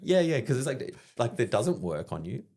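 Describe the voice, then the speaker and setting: An Australian man, a comedian and army veteran, telling animated, profanity-laced stories as a podcast guest, laughing as he goes. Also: mid-range voice, moderate pace. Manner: animated, profane, laughs through his anecdotes. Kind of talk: casual podcast storytelling.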